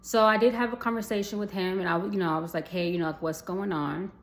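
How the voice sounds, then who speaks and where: A woman's voice: mid-range voice, steady tone, fast. A young adult woman telling a personal story to viewers in a casual storytime vlog, chatty, calling them y'all and swearing freely.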